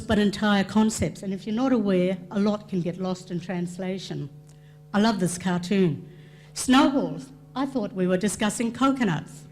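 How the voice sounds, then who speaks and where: A woman presenting a cultural awareness session, explaining terms and concepts to an audience with quick asides. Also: mid-range voice, a little mellow, slight background noise.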